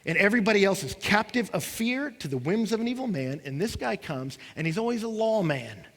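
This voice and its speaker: A man preaches, his voice sitting a little high for a man. His delivery swings between hushed, heavy moments and bursts of impassioned emphasis. The sound carries a long reverb from a large auditorium. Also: sing-song, a little fast. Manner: impassioned preaching, acting out what listeners say, rising and falling intensity. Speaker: pastor. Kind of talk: sermon.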